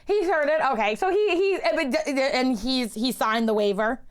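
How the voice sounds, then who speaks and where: A woman's voice: high-pitched, brisk, clear, resonant tone. A woman in her thirties hosting a casual podcast chat, bubbly and exclamatory, laughing often. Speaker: podcast host.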